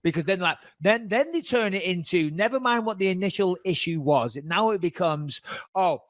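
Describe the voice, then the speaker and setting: A middle-aged man hosting a podcast, telling a story in casual chat, lively and swearing freely. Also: high voice, normal speed, dry recording. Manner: animated, swears freely, acts out voices in anecdotes. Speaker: podcast host.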